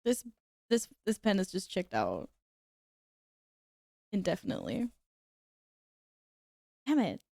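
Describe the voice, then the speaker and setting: Giggly, slow-talking woman streamer. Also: mid-range voice, wildly swooping pitch, vocal fry, mellow, no room sound, studio quality. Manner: giggly, laughs often, chatty with viewers. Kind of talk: casual live-stream chat while gaming.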